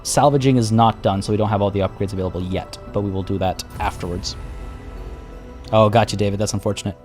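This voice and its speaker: A man's voice: lowish voice, fairly even intonation, quick pace, a little mellow, faint music behind. A man giving live commentary on a strategy game, thinking aloud and chatting with his viewers while losing his voice. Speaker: game streamer.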